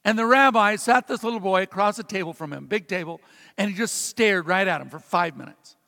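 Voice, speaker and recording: A male pastor with a notably high voice delivers a sermon. He tells his story with flair, rising to loud punches and dropping to near-hushed lines. His voice rings out through the long reverb of a big church hall. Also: brisk, creaky. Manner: dramatic storytelling, swings between loud emphasis and hushed tones.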